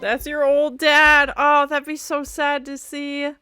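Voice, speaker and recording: A woman with a slightly high voice talks through an episode as it plays, in a casual, playful commentary. She laughs and jokes between remarks. The show's soundtrack runs clearly beneath her voice. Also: flat delivery, takes it slowly. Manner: chatty, laughing, playful asides. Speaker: reaction video host. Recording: music from the show playing behind.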